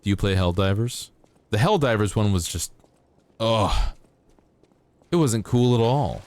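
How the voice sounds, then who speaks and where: A man's voice: lowish voice, animated, a little slow, a little mellow, dry recording. A man streaming a game live, chatting casually and playfully with his viewers while he plays. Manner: rambling, playful, talking to chat while playing. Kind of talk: live gameplay stream chat.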